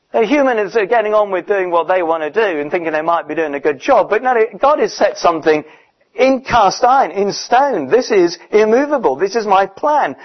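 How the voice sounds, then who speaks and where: A man preaching a sermon in a conversational, emphatic way, often pausing with fillers. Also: sits high. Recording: dull, muffled recording.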